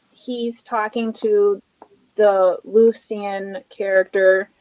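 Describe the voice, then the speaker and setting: A woman's voice: fairly high pitch, no echo, poor audio. A woman guest in a casual book club discussion over a video call, chatty and strongly reacting.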